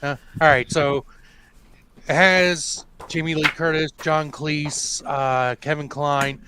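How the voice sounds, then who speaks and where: A man's voice: on the high side, fairly even intonation, slow, background noise. A man in a casual stream chat, retelling a film plot in a rambling, loose way. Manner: rambling storyteller.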